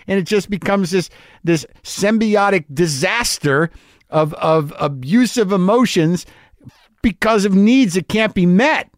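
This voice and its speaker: A man's voice: high voice, lively intonation, unhurried, dry recording, clean studio sound. Rambling, self-deprecating male podcast host. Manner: stammers and restarts when worked up. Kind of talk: solo podcast monologue.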